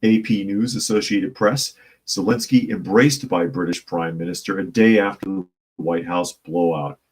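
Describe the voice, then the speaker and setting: A man's voice: low-pitched, normal speed, husky, rough recording. A man hosting a casual opinion show on the news, sarcastic and improvising jokes while reading articles. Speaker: news commentary host.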